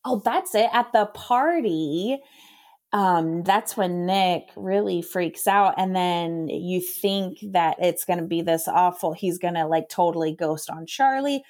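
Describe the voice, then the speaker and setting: A woman's voice: on the low side, measured pace, darkish tone. A woman co-hosting a casual podcast chat, enthusiastic and gushing. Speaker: podcast co-host.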